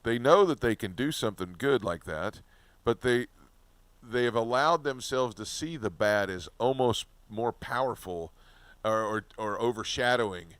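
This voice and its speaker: Male host, smooth voice, dry close sound, halting questions. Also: medium pitch, expressive, fairly bright tone, no room sound. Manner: hesitant questions with fillers and restarts, upbeat promo reads. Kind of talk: interview hosting.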